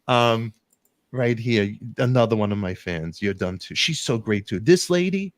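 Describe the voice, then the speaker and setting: A man hosting a talk show, telling an emotional story in a rambling, animated way with sudden jumps in pitch. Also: unhurried, no echo. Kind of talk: emotional casual monologue.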